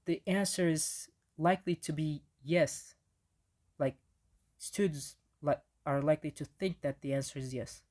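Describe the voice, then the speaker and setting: A man's voice: fairly high pitch, a little slow, darkish tone. A man giving a casual slide presentation on language in the classroom, with frequent restarts and fillers.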